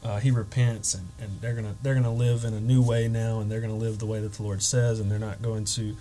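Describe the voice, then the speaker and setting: Animated man telling a story. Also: fairly low pitch, quick pace, soft background music, low-quality recording. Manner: animated, acts out quotes, emotional. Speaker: guest telling a ministry story. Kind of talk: storytelling in a podcast interview.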